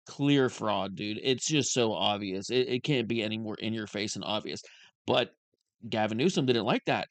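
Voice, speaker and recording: A man's voice: medium pitch, no echo. A man hosting casual commentary, ranting in an exasperated, profane way. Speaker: commentary host.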